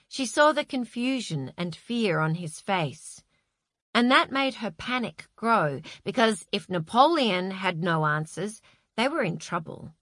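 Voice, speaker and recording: A woman reading a novel aloud in a measured, expressive narration. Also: on the low side, no echo, clean studio sound. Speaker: audiobook narrator. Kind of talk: scripted narration.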